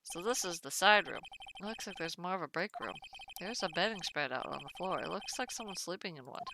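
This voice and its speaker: A woman voicing a mild young male lawyer in a game, quiet, dry and musing. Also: lowish voice, lively intonation, brisk, background noise.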